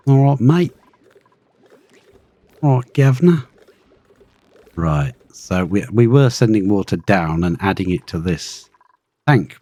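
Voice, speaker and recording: A man's voice: sits low, a little mellow, slightly rough, no echo. A man giving chatty live gameplay commentary, thinking aloud and talking to the creatures in his game. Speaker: streamer playing a colony-building game.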